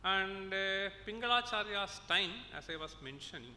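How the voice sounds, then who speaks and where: Bright-voiced Indian man lecturing in a hall. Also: lively intonation, moderate pace. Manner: explains step by step, checks in with "okay?" and "right?". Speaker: professor lecturing at a conference. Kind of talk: lecture with examples and recitation. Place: conference hall. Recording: echoey hall with faint rumble.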